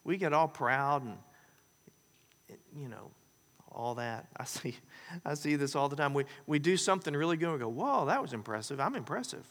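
A man delivers a sermon with a folksy, joking manner and animated storytelling. His voice is bright and forceful and sits a bit high. It rings out with the long reverb of a large hall. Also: moderate pace, pauses often. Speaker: pastor.

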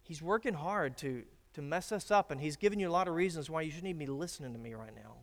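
A man preaching a sermon, swinging from emphatic declarations to hushed, grave warnings. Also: on the high side, animated, quick pace. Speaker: pastor. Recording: long reverb of a church hall.

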